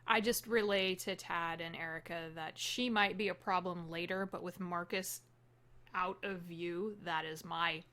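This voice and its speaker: Low bright-voiced woman player. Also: fairly even intonation, a little slow. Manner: brief, agreeable. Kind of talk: casual tabletop play.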